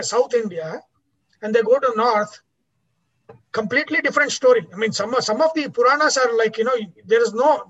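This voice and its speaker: A man's voice: very high voice, fairly bright tone. A man teaching a class in an explanatory lecture style, often restarting his words and checking in with "right?". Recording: dull lo-fi recording.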